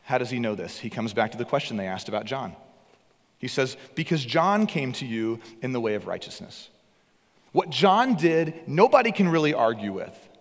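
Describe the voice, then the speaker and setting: A man preaching a sermon with earnest emphasis, his voice swinging between loud and hushed. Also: mid-range voice, very animated, moderate pace, big-room sound. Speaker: pastor.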